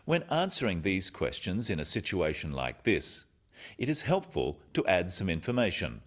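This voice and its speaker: Casting: deep-voiced male narrator, highly animated intonation, clear and instructive, scripted lesson narration. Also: moderate pace.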